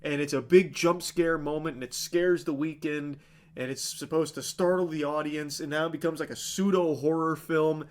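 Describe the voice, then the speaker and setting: Male streamer, slightly high voice, sarcastic and fed-up, casual, profane, rambling recap delivery. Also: steady tone, normal speed. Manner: sarcastic, exasperated, swears freely; rambling with many fillers like "like".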